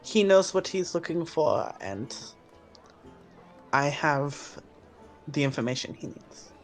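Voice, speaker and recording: A man's voice: fairly high pitch, big pitch swings, slow pace, faint music behind. A man playing a tabletop game over online voice chat, speaking in character with polite, formal phrasing. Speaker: player.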